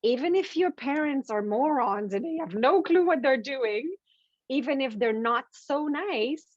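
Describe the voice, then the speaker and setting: A woman speaking as a podcast guest, explaining with lively energy and acting out examples. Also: high-pitched, unhurried, dry recording, dull audio. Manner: lively, repeats words, acts out examples. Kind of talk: animated explanatory talk.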